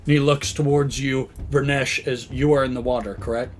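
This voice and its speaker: A man's voice: mid-range voice, steady tone, normal speed, a little hiss or hum. A man narrating a tabletop game as dungeon master, describing scenes and asking players what they do.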